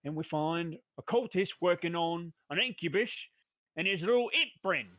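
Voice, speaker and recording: A man recapping a tabletop game session in a playful, rough-talking manner, full of slang and asides. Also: fairly high pitch, lively intonation, normal speed, no echo, dull audio. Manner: playful rough-talking brute drawl, "me brother", "we was".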